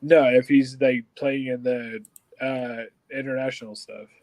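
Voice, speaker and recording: A man co-hosting a casual sports talk show, excitable and tripping over his words with lots of restarts. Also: medium pitch, measured pace, dry recording, rough recording. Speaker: podcast co-host.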